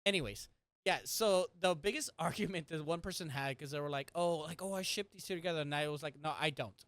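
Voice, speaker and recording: A woman co-hosting a casual podcast chat, ranting heatedly and swearing often, with loud exasperated outbursts. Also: low-pitched, quick pace. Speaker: podcast co-host.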